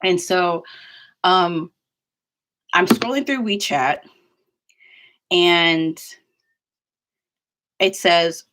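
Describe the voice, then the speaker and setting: Chatty young woman, lowish voice. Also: a bit bright. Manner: chatty, frequent "like" fillers, quick asides. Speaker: vlogger. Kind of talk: casual storytelling.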